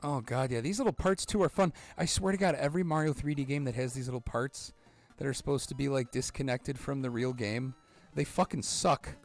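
Excitable swearing gamer man, gravelly voice. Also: medium pitch, fairly quick, soft background music. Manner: excitable, swears a lot, rambling with sudden yelps. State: out of breath. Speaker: gaming channel host. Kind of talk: excited let's-play commentary.

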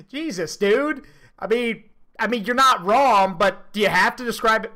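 A man's voice: high-pitched, measured pace, bright, forceful tone. Casual laughing male streamer. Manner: laughing, rambling, swears casually. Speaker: streamer reacting to a video. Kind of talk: casual reaction commentary.

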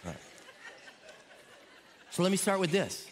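A man preaching a sermon as a pastor, telling stories with lively quoted voices. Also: high voice, measured pace, a little hiss or hum. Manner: animated storytelling, acting out quoted voices. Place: church auditorium. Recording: reverberant church hall.

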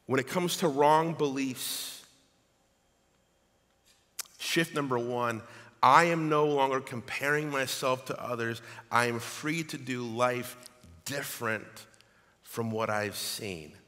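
A man preaching a sermon as pastor, reading scripture aloud in an animated way. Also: mid-range voice, slow, long pauses. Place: church sanctuary. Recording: long hall reverb.

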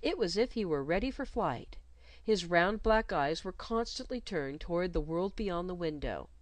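A woman reading a story aloud in an expressive, measured way. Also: on the low side, no room sound. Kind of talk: scripted storybook narration.

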